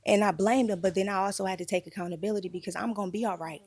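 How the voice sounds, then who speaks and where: A woman's voice: medium pitch, steady tone, rapid-fire, a little mellow, breathy edge. A woman telling a painful personal story in a candid group conversation, emotional and holding back tears.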